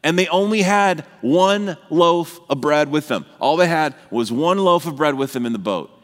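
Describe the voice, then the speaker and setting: A man's voice: fairly high pitch, lively intonation, normal speed. A man preaching a sermon in an earnest way, building to emphatic repeated phrases. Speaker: pastor. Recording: long hall reverb.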